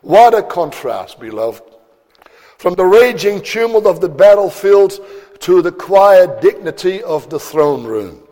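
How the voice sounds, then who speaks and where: A man's voice: high voice, big pitch swings, measured pace, mellow. A man preaching a sermon in a solemn, declamatory manner, stretching out words for emphasis. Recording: long hall reverb.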